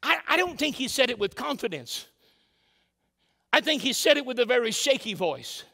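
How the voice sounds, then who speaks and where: A man preaches with a very high, bright, ringing voice, pressing each point with repeated calls of "can I tell you" and quick restarts. His words carry a long tail of reverb from a large hall. The delivery is earnest and emphatic, built for a congregation. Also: very animated, gravelly. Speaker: pastor. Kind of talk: sermon. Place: church sanctuary.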